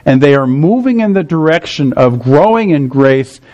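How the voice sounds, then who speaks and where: A man's voice: fairly high pitch, lively intonation, moderate pace, a little mellow, lo-fi sound. Man preaching an explanatory sermon. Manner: explanatory, checks in with listeners. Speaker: pastor.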